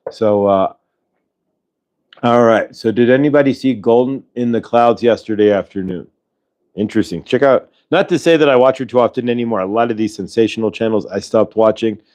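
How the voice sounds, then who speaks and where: A man's voice: lowish voice, a little fast, darkish tone. A man hosting a live-stream show, chatting casually with viewers in a rambling way, full of fillers and restarts. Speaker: host of a live spiritual channeling show. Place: at home in Colorado.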